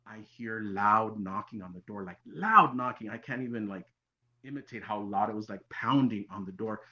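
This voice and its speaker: A man, a podcast guest telling his own encounter story in an animated way that sometimes drops very quiet. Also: lowish voice, normal speed. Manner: animated storyteller, drops to near-whispers for tense moments. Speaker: interview guest. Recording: dull lo-fi sound.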